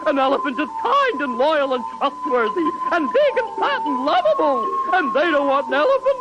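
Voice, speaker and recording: A man's voice: very high voice, very animated, normal speed, lo-fi sound, very noisy. A man voicing a whiny, self-pitying young male elephant in a 1950s cartoon, pleading and dramatic. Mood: indignant. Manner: dramatic, pleading, tantrum-prone.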